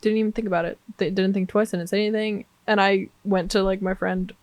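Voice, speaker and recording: A young woman guesting on a podcast in casual chat, animated and swearing a lot. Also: mid-range voice, fast talker, no room sound. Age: young adult.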